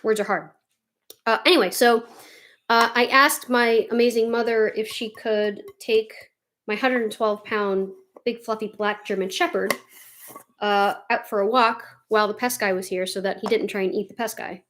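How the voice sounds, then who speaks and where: A woman's voice: on the high side, fairly even intonation, normal speed, a bit bright, a little hiss or hum. A young woman chatting casually while doing her makeup, rambling and swearing freely as she gets heated. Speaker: vlogger doing a makeup tutorial.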